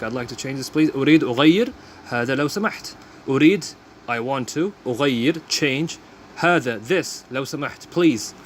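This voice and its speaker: Man, language teacher, quick pace, patient repetition, faint background noise. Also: mid-range voice. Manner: repeats phrases, explains each word plainly. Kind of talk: casual vocabulary lesson.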